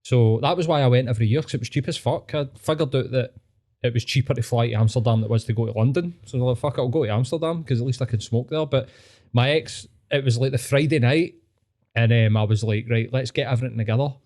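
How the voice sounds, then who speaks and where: A Scottish man hosting a podcast, telling sweary, animated stories in casual chat. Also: mid-range voice, fast talker. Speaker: podcast host.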